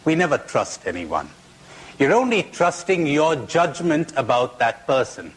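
Slow, lively-pitched man lecturing. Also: husky. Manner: blunt, teasing, drawn-out delivery, tells jokes. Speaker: speaker giving a talk. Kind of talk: spoken lecture with rhetorical questions.

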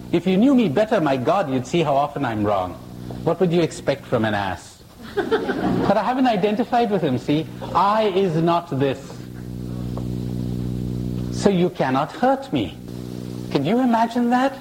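Slow, emphatic spiritual speaker, man with a fairly high, lively voice; noisy live hall recording. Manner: slow, emphatic, playful with rhetorical questions. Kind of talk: live spiritual talk to an audience. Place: hall with an audience.

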